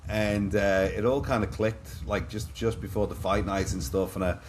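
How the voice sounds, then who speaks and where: Lively Liverpool man telling stories. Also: on the low side, normal speed, slight background noise. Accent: Liverpool English. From England. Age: 40s. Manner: animated, restarts often, says mate a lot. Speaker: podcast guest. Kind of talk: casual storytelling.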